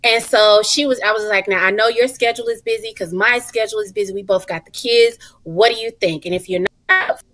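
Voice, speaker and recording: A woman in her thirties, a mother, talking as a guest in a casual talk show, animated and emphatic with folksy endearments. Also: medium pitch, a little fast, few pauses. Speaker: guest, mother and retreat organizer.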